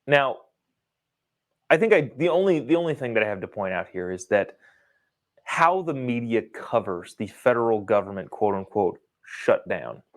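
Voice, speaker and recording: A man's voice: fairly low pitch, animated, normal speed. A man hosting a political commentary show, talking in an opinionated, sarcastic way. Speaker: host.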